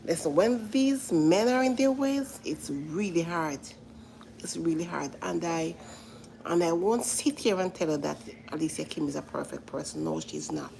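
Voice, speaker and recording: A woman's voice: lowish voice, very animated, moderate pace, creaky, warm tone, a little hiss or hum, rough recording. A woman giving casual commentary to live viewers, earnest and repetitive, often stopping to say listen. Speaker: vlogger reacting to a reality show.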